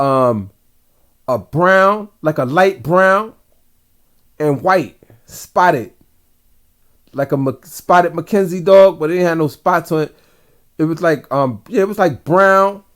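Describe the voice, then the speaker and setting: A man, a father, casually telling a rambling dream story straight to his viewers in slangy everyday talk. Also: fairly high pitch. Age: adult father. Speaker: vlogger recounting dreams.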